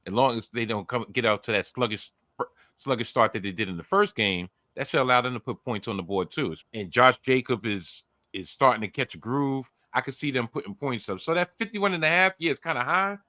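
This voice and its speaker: A man co-hosting a casual sports podcast, his voice bright and forceful as it swings high and low. He talks playfully and repeats phrases for emphasis. The sound is dry and close. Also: animated, a little fast, no room sound. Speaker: podcast co-host. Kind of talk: casual sports betting chat.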